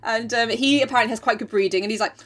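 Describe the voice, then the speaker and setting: A woman's voice: a little high, rapid-fire, a bit bright. A young woman, co-hosting a podcast and retelling a story in a chatty, giggly way full of fillers. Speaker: podcast co-host. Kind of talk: casual chat, retelling a story.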